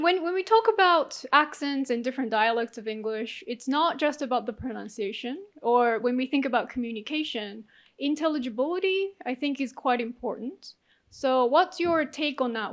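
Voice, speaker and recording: A woman judge puts questions to a student and patiently rephrases them when he is unsure. Her voice sits somewhat high and stays measured and clear. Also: animated. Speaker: contest judge asking questions. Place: conference hall.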